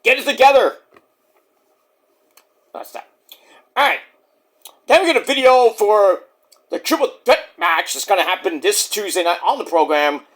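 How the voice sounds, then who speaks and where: A man in his forties giving a casual, rambling, profane review, now and then mimicking others in quick put-on voices. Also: high voice, expressive, a bit bright. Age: 40s. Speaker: wrestling show reviewer.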